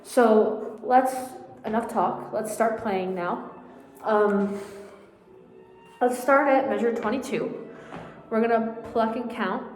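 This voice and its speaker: Woman, viola coach, masked, slightly breathless, slow chatty talk, echoey hall, faint viola music behind. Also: a little high, steady tone, darkish tone. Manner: chatty and informal, with frequent fillers and self-corrections. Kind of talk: casual practice lesson, counting beats aloud. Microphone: speaking through a face mask.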